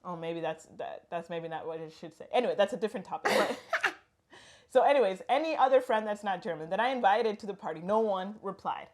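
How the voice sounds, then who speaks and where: A woman's voice: mid-range voice, expressive, brisk. A woman in her thirties from Latin America, hosting a casual chat and telling stories with quoted dialogue and laughter. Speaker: host.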